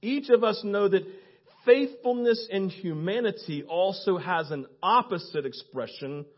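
A man with a high, slightly husky voice preaches to his church. He tells stories with animation and acts out each character's lines. The recording sounds dull and lo-fi. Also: unhurried. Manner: lively storyteller, acts out quoted voices, laughs often. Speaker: pastor. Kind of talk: sermon with animated storytelling.

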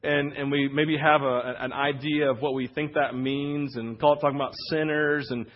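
A man's voice: a little high, steady tone, moderate pace, dull audio. A man preaching a sermon as pastor in a conversational way, often checking in with the congregation. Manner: conversational preaching, frequent "right?" asides. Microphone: wireless church mic.

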